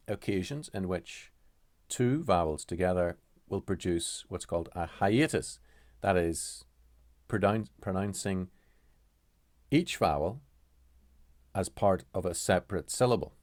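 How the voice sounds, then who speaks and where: A man with a low, deep voice explaining pronunciation rules at a slow pace. He halts often and corrects himself mid-sentence. His voice is dry and close, with no room sound. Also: expressive, a little mellow, no room sound. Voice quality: halting, with frequent fillers and self-corrections. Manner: measured, deliberate delivery. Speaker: language teacher.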